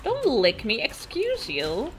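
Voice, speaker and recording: Woman gaming streamer, fairly high voice, slow and sweary, chatting with her viewers. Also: huge pitch swings, background noise. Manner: swears a lot, exclaims at the game. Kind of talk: casual gameplay stream chat.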